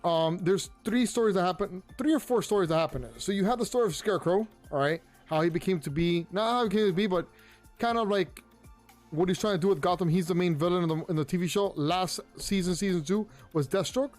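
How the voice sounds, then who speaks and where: A young man hosting a podcast, chatting casually and rambling through his reviews with lots of restarts and excitable asides. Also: high-pitched, brisk, soft background music. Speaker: podcast host. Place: home room.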